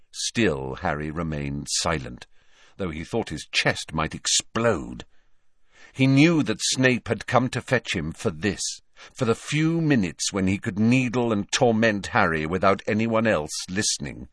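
Expressive male audiobook narrator, dry close sound. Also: on the low side, a little slow, no room sound. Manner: expressive storytelling reading. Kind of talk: scripted narration.

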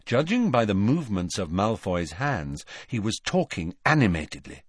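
Male audiobook narrator, lowish voice, expressive pitch, slow, dry studio sound. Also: slightly rough, no room sound. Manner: measured, expressive storytelling.

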